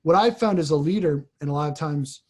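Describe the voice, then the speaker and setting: A man with a slightly raised pitch speaks thoughtfully and a little haltingly. He is a priest in conversation, often circling back and restarting phrases as he works out his thoughts. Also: darkish tone. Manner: reflective, halting, frequent restarts. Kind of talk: casual conversation.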